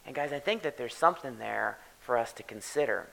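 Animated, bright-voiced male pastor. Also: mid-range voice, a little fast, gravelly, rough recording. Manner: animated, tags lines with "right?". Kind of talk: sermon.

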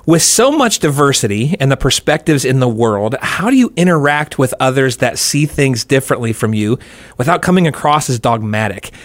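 A man's voice: medium pitch, sing-song, moderate pace, dry recording. Upbeat male podcast host, dry close sound. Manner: upbeat, joking, playful. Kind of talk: casual faith podcast chat.

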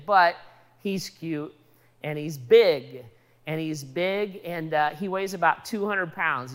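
A woman preaches a sermon, her voice sitting low for a woman. She talks in a loose, conversational way, leaning on everyday stories to make her point. Her words ring out with a long reverb, as in a big hall. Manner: conversational, illustrative storytelling.

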